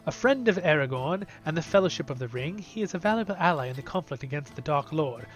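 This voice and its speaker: A young man hosting a casual gameplay video, chatty and excitable, swinging between loud bursts and quiet asides. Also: fairly high pitch, quick pace, faint music behind. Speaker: game video host.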